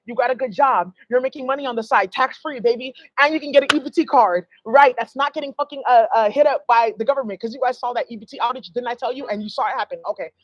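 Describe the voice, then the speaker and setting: A woman's voice: fairly high pitch, quick pace, few pauses, dull audio. A woman giving a blunt, rambling tarot reading to her viewers, emphatic and profane. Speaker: tarot reader.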